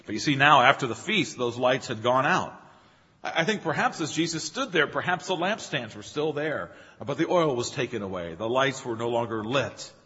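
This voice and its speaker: A man's voice: medium pitch, animated, normal speed, pushed and bright, husky. A man preaching a sermon in an earnest, emphatic way, lifting his voice on key phrases. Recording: long hall reverb, dull lo-fi sound.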